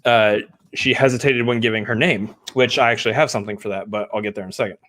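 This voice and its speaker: Animated man chatting casually. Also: on the low side. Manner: animated retelling with quick acted-out quotes. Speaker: co-host. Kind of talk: casual review chat.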